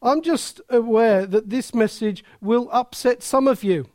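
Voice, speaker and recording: A man with a strikingly high voice delivers an earnest sermon as pastor. He speaks slowly and deliberately, pausing often between phrases. The sound is close and dry. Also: a little mellow, no echo. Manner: earnest, measured preaching with frequent pauses.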